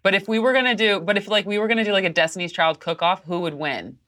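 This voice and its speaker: A woman's voice: mid-range voice, fast talker, a bit bright. A woman hosting a casual interview, asking playful, curious questions. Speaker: host.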